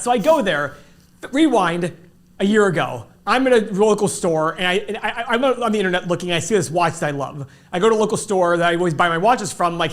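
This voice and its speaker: Male stock show host, high voice, animated storyteller who acts out both sides of a conversation. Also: quick pace. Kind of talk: casual livestream chat.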